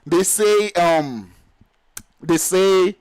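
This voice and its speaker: High-voiced guy casting esports live, yoruba native, super hyped gushing play-by-play, dry close sound. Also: drawn-out words, clear, resonant tone, no room sound, low-quality recording. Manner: excitable, exclamatory, gushing. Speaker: esports caster.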